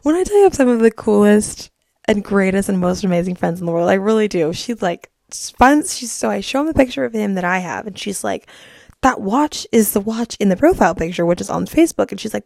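A woman's voice: medium pitch, animated, fast, creaky, a little mellow, no echo, clean studio sound. A young woman hosting her podcast, telling a dating story in a gossipy, chatty way with lots of "like"s. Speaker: podcast host. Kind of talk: casual chat.

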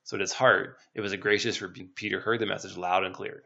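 Man, low and gravelly with a bright edge, fast casual Bible talk, muffled recording. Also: flat delivery. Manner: thinking aloud, many "you know" fillers and restarts.

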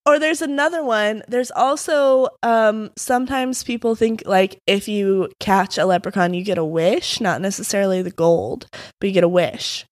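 A woman co-hosting a podcast, sleepily retelling folk tales and padding them with fillers. Her voice sits at an ordinary pitch for a woman, and the recording is dry and close. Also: moderate pace, no room sound. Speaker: podcast co-host. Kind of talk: casual storytelling chat.

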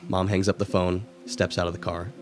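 A man co-hosting a podcast, reading a spooky story aloud in a steady, measured way. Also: low voice. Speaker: podcast co-host.

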